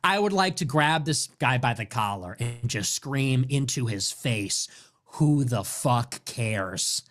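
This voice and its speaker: A man's voice: mid-range voice, animated, a little slow, a bit bright. A man hosting a podcast, delivering an exasperated, sarcastic and profane comedic rant. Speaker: podcast host. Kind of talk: comedic ranting monologue.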